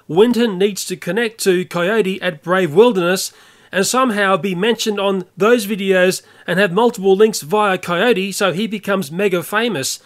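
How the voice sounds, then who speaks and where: An older Australian YouTuber delivering an earnest, opinionated rant to camera. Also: male voice, sits high. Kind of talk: ranting monologue to camera.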